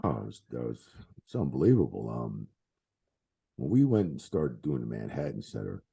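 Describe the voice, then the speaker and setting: Low raspy gravelly guy, middle-aged, swears a lot and laughs through his old war stories. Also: moderate pace. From New Jersey area. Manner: animated, swearing, laughing, retelling backstage anecdotes. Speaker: former wrestling referee, guest. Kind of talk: casual interview storytelling.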